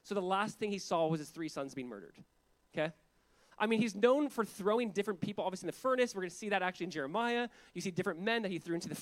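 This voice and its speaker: High-voiced, conversational male preacher. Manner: conversational, jokey preaching with frequent asides and laughs. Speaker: pastor. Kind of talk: sermon.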